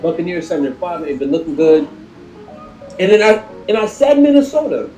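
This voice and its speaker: A man co-hosting a sports podcast in casual chat, animated and profane, laughing at his own points. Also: sits high, fairly quick, soft background music. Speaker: podcast co-host. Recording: echoey room.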